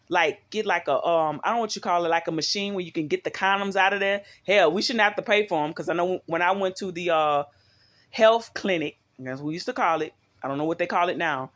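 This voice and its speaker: A middle-aged woman talking casually to her viewers at home. She rambles and keeps asking them questions. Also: low-pitched. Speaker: vlogger.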